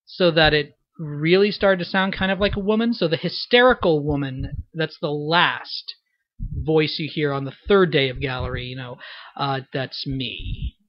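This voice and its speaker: A young man, the director, gives an unscripted fan dub commentary in a loose, rambling way, full of fillers, stopping and restarting his sentences. His voice sits a little high, and the recording is dull and dry with no room sound.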